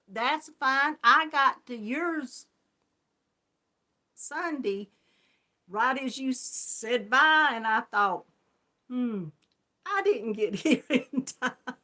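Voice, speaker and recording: Country georgia lady chatting on her livestream, slow drawl, friendly, laughs a lot, calls out viewers by name. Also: on the high side, lively intonation, pushed and bright. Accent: country Southern US, Georgia. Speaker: host of a live crochet chat stream. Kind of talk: casual livestream chat with viewers.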